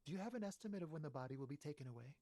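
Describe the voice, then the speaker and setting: Quiet, wary young man. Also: on the high side, expressive, racing, dry recording, studio quality. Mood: guarded. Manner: quiet, guarded, evasive. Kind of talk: video game dialogue.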